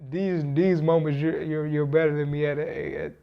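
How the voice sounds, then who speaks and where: A young man in a documentary interview, talking lively and repeating words as he gets going. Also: on the high side, normal speed, gravelly, dull audio.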